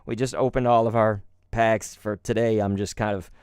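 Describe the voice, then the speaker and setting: A man's voice: fairly low pitch, level tone, moderate pace, darkish tone, clean tone, no room sound, clean studio sound. Chatty man rambling through a story. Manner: rambling, chatty, swears casually, lots of "like". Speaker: YouTube card-opening host. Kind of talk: casual storytelling vlog.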